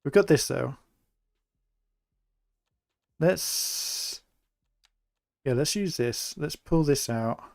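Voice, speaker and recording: A young man from England giving relaxed, chatty live commentary while he plays a city-building game, thinking aloud as he goes. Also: fairly high pitch, drawn-out words, creaky, long pauses, dry recording, studio quality. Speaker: streamer.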